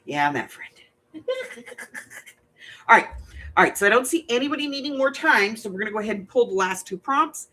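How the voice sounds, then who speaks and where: A woman's voice: medium pitch, sing-song, normal speed, long pauses, bright, forceful tone. A woman hosting a casual craft livestream from her home crafting room, chatty and jokey, rambling a little and laughing often as she gives out prompts.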